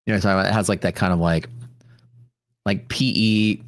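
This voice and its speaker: A man's voice: low voice, fairly even intonation, fast talker, no room sound. A man hosting a casual livestream, rambling and repeating himself for emphasis, on a close studio mic in a sound-dampened room. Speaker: livestream host. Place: sound-dampened home streaming room with fiberglass panels. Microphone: close studio dynamic mic.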